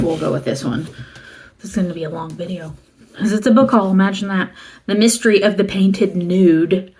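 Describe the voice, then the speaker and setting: A middle-aged woman from the American South talks through her book haul in an unhurried, rambling way. Her voice sits a little low, and she stops to read titles aloud and add asides. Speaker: booktuber showing a used book haul. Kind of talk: casual chat.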